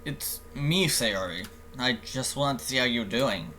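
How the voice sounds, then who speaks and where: A man's voice: mid-range voice, lively intonation, measured pace, bright, forceful tone, slight background noise. A man reading a visual novel aloud, voicing a caring, worried teenage boy in an earnest, insistent way close to his own voice.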